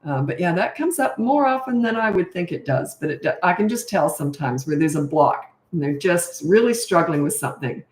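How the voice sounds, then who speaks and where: A woman's voice: lowish voice, expressive, fairly quick, hardly any pauses, darkish tone. Middle-aged woman, parenting coach, blunt and matter-of-fact, casual Q&A, echoey room. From Canada. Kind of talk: casual livestream Q&A.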